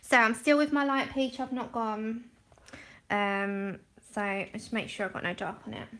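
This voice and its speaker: A woman's voice: fairly high pitch, steady tone, measured pace, fairly bright tone. A woman hosting a livestream, chatting casually while explaining her colouring steps and thanking viewers by name. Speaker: livestream art host.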